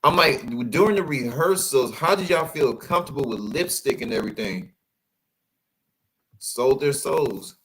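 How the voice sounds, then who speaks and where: A man giving casual, animated commentary as he reacts to photos, calling out to his viewers. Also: mid-range voice, measured pace, poor audio. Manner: animated, exclaiming, addresses viewers as y'all.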